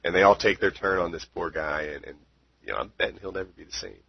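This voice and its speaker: A man hosting a podcast, telling a story in a casual, animated way with many fillers. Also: low-pitched, quick pace, vocal fry, breathy edge. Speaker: podcast host. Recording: dull lo-fi podcast audio.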